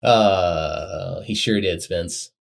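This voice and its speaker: A man co-hosting a podcast in casual chat, excitable and quick to laugh, swearing casually. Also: low voice, vocal fry. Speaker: podcast co-host.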